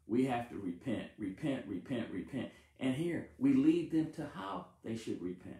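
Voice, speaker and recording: A man's voice: mid-range voice, expressive, normal speed, warm tone. A man delivers a sermon in a mid-range voice, hammering home repeated phrases and tripping over a word here and there. The room around him rings with a noticeable echo. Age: adult, married with family. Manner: repetitive, emphatic call-and-response preaching with stumbles. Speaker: preacher.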